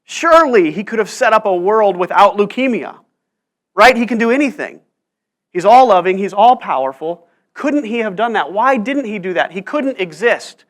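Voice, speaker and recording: A man's voice: high voice, expressive, moderate pace, fairly bright tone. A male pastor preaching a sermon in church, telling stories earnestly and pressing rhetorical questions. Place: church sanctuary.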